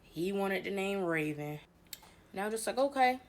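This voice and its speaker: A woman's voice: mid-range voice, animated, normal speed, slight background noise. A young woman telling a story-time account in a conversational retelling, acting out quoted dialogue. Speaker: storyteller in clip.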